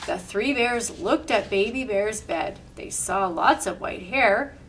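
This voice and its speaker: A woman reading a storybook aloud with animated, expressive delivery, then leading a simple craft. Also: mid-range voice, slow pace, distant mic, a little hiss or hum.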